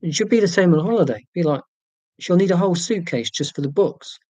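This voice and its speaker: A man's voice: high-pitched, lively intonation, a little fast, darkish tone, no room sound. A man hosting a casual livestream from home, reading viewer comments in a chatty, rambling, self-deprecating way. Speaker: YouTube channel host.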